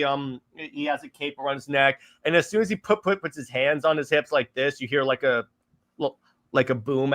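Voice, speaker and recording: A man's voice: medium pitch, sharp tone. A man hosting a casual movie discussion, eagerly recapping scenes and often stumbling over his words as he restarts. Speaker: podcast host.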